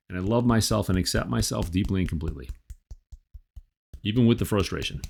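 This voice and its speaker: A man guiding an emotional tapping session, saying phrases for listeners to repeat and sometimes moving from calm coaching to heated venting. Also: lowish voice, brisk, gravelly, pauses often, husky. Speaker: tapping practitioner. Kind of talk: guided EFT tapping session.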